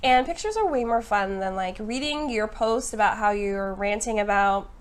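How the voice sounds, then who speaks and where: A woman's voice: mid-range voice, moderate pace. A young woman co-hosting a casual podcast chat, talking freely with lots of "like" and frequent giggles. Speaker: podcast co-host.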